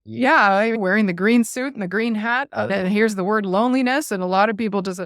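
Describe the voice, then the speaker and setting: A woman guest on an interview show, talking in an earnest, animated way and laughing now and then as she tells stories, heard over a video call. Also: medium pitch, a little fast, no room sound, studio quality. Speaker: guest speaker. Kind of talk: casual interview chat.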